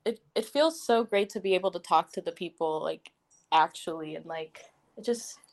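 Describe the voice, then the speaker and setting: A woman's voice: on the low side, moderate pace. A woman guest in a casual group audio chat, talking in a gushing, giggly, effusive way.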